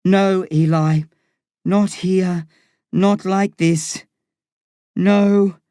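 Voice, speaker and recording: A man voicing a heartbroken imprisoned mother who softly refuses her son. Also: high-pitched, fairly even intonation, extremely slow, smooth, dry recording, studio quality, pitched above the performer's own voice. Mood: sorrowful.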